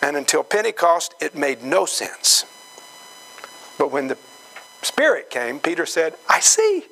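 A man preaching a sermon, slow and emphatic, acting out quoted voices with dramatic swings in pitch. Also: lively intonation, creaky, pushed and bright, slight background noise, low-quality recording. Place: church gathering hall.

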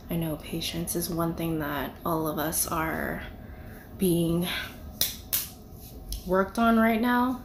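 A woman's voice: on the low side, slight background noise. A young woman giving a casual devotional talk, conversational and full of "you know" and "like". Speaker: devotional video speaker.

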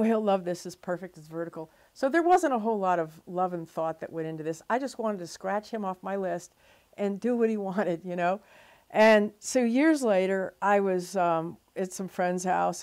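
A middle-aged woman, a photographer telling her story in an interview, animated and full of fillers and restarts. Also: on the low side, normal speed. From Louisiana.

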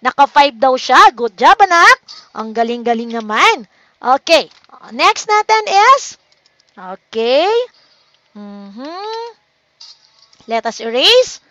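A young woman with a Filipino accent teaches a livestreamed grade-school lesson, switching between English and Tagalog. Her voice is bright and high, with wide swings in pitch. The sound is dry and close. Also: very animated, takes it slowly, long pauses, no echo. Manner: patient, encouraging, mixes English and Tagalog. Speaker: online teacher.

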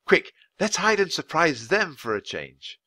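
A man voicing an eager, excitable young girl in a storybook reading. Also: fairly high pitch, measured pace, no echo, voice pushed up, exaggerated voice. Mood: excited.

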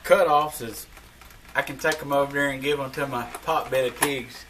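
A man's voice: mid-range voice, steady tone, moderate pace, noisy background. A man with a Southern US accent, chatting folksy to the camera in a cooking vlog. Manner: folksy, drawling, talks to camera. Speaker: cooking vlogger. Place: outdoors.

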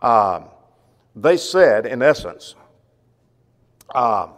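A man teaching a verse-by-verse Bible class, reading scripture slowly and with emphasis, then explaining it in a conversational way. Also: medium pitch, expressive, in a large hall. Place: church.

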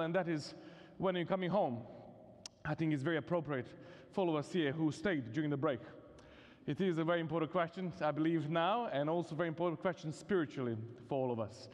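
High-voiced Serbian-accented preacher in a reverberant hall. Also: male voice, quick pace. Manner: conversational and humorous, many "you know" fillers. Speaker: guest preacher. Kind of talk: sermon. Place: chapel hall at a university vespers service. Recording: long reverb of a large hall.

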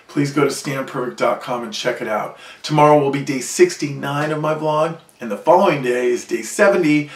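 A man's voice: medium pitch, a little fast, few pauses. Proud man vlogging in an echoey room. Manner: proud, boastful, declarative. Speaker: inventor and vlogger. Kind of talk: self-promotional vlog monologue. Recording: echoey room, distant from mic.

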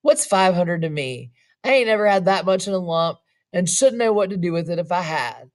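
A woman's voice: expressive, moderate pace, natural voice. Woman reader doing a cracked old rancher, distraught, raw. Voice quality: cracked, high and strained. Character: cracked-voiced grieving old father.

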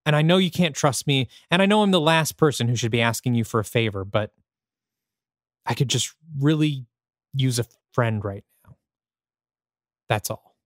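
A weary, anxious ex-soldier who speaks nervously and earnestly, at a medium pitch, as a man plays him. The voice is dry and close to the microphone. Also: normal speed, pauses often, no echo, lightly acted. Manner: nervous, earnest, self-deprecating. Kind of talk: reading a screenplay aloud.

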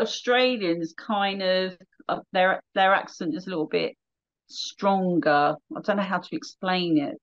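A woman's voice: lowish voice, dull audio. A middle-aged woman from near London with a Southern English accent, a radio DJ chatting and laughing as she tells stories. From England, near London. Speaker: radio DJ guest. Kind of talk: casual chat.

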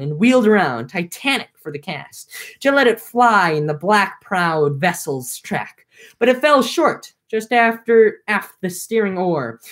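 A young woman reading an ancient epic aloud, breaking off for casual, filler-heavy commentary. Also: medium pitch. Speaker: reader.

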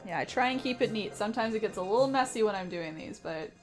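A woman's voice: mid-range voice, animated, fast, faint music behind. A young woman from Canada chatting casually with her live-stream audience as she paints, reading messages aloud and laughing often. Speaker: art streamer.

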